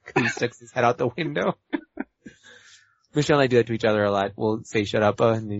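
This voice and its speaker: A man's voice: mid-range voice, fairly even intonation, rapid-fire, dry recording. A man playing a tabletop role-play game, talking his plans through at length. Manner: talkative, thinks aloud and plans. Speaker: player. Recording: dull, lo-fi audio.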